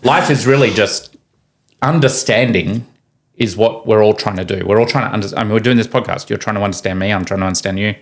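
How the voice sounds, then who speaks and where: Man, very low voice, casual podcast guest, animated storyteller, acts out voices. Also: fast. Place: podcast studio room.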